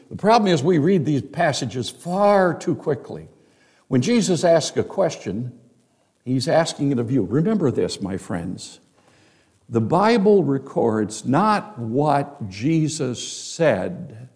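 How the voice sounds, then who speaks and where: A male pastor preaching a sermon, emphatic, with rhetorical questions and dramatic pauses. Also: medium pitch, mellow, slightly rough.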